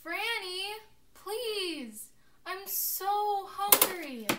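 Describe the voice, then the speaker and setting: A woman's voice: extremely high pitch, expressive, very slow, exaggerated voice. A woman playing a faint, pleading trapped girl. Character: trapped starving young woman behind a door. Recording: distant echoey room, loud noise.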